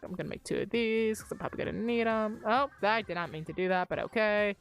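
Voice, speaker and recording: A woman's voice: medium pitch, fast talker, hardly any pauses, soft background music. A young woman chatting casually and rambling on a gaming livestream from her upstairs bedroom, speaking into a desk mic on a mic arm. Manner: rambling, self-deprecating, chatty. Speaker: streamer.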